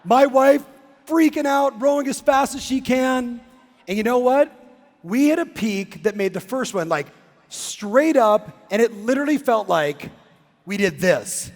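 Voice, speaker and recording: High gravelly guy telling a story on stage, really animated, echoey big hall. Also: normal speed. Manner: excitable, acts out the scene and shouts. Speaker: real estate coach and keynote speaker. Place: big conference hall at a live summit. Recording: long reverb in a big hall.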